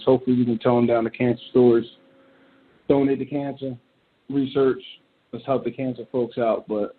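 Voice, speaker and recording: A man holds forth as host in loose, animated commentary, blunt and profane as he reacts out loud. His voice sits at an ordinary middle pitch. The sound is thin and tinny, like a phone line. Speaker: show host. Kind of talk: casual ranting commentary.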